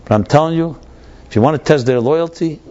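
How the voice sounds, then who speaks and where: Scheming priest, smooth and insistent persuader, voiced by a male storyteller; dull recording. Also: fairly high pitch, brisk, mellow, voice pushed up, lightly acted. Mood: coaxing.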